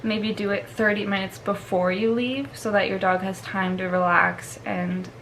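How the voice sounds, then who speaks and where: A woman's voice: mid-range voice, little pitch movement, moderate pace, a bit bright, a little hiss or hum, poor audio. A woman who trains dogs explains the steps in a casual vlog, chatty and full of fillers. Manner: chatty, laughs often, filler-heavy. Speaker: dog trainer.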